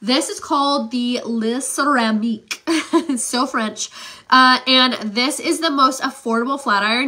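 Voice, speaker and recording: Stuffy-nosed lady in her 30s doing a hair tool live, chatty, bright voice, a bit high. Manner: chatty, upbeat, filler-heavy. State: congested. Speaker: beauty livestream host. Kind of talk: live product demo and giveaway chat.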